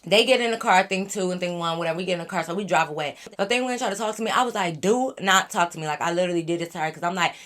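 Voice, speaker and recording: Blunt, animated young woman telling a story. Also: on the low side, very fast, hardly any pauses. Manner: animated, blunt, profane, acts out quoted friends. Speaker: storytime vlogger. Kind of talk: casual storytime.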